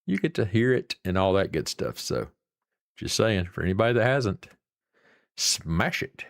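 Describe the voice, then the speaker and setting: Man, Appalachian accent, low voice, folksy rambling chatter, dry close sound. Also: very animated, unhurried, vocal fry, no echo. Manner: folksy, rambling, drawling, salty. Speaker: livestream host. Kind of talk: casual live-stream chat with viewers.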